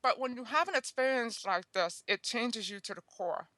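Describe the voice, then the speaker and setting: Earnest, chatty woman with a bright voice. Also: on the high side, animated, moderate pace, no room sound. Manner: chatty, earnest, checks in with "okay?" and "you know". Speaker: guest author. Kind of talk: telling a personal story in an interview.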